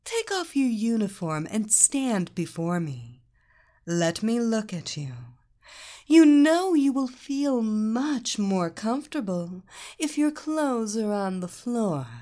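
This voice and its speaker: A woman voicing a seductive blonde villainess who is a hypnotist, giving slow, drawn-out hypnotic commands. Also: medium pitch, mellow. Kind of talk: storybook role voicing.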